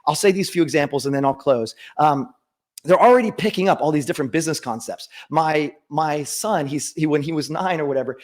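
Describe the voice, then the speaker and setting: A man's voice: a little high, a little fast, darkish tone. Earnest man giving a conference talk. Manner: earnest, many restarts and fillers. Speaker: conference speaker. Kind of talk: conference talk with personal story.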